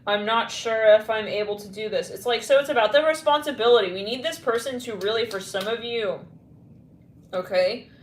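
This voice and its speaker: A woman's voice: fairly high pitch, brisk, reverberant, a little hiss or hum. Rambling casual woman reading cards. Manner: rambling, filler-heavy, blunt, slangy. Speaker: tarot reader.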